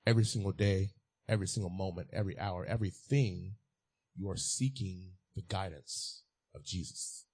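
Guy preaching a sermon, kinda low and husky, keeps repeating stuff and getting loud on the big lines. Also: normal speed. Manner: repeats key phrases, rising to emphatic peaks. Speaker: pastor.

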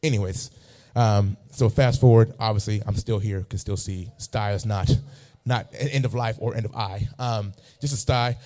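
Mellow-voiced preacher man, emphatic. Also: fairly low pitch, fairly even intonation, moderate pace. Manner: emphatic, repeating phrases for effect. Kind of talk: sermon with personal storytelling.

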